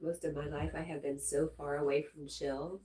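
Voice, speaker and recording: A woman with a low, warm voice hosts a laid-back livestream. She greets viewers by name and reads their comments aloud, talking in a relaxed, friendly way. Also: normal speed, poor audio. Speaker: livestream host reading chat. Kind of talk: casual livestream chat.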